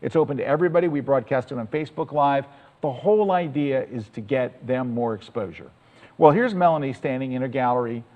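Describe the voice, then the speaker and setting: A man's voice: mid-range voice, brisk, long reverb tail, dull audio. A man giving a chatty, enthusiastic storytelling talk to an audience as presenter.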